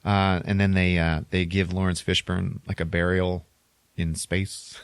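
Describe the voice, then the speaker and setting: Low-pitched male podcast co-host, casual rambling recap with frequent chuckles, dry close sound. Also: little pitch movement, a little slow, clean tone, dry recording. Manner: rambling storyteller, chuckles between lines, many "like"s. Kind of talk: casual chat, retelling a film plot.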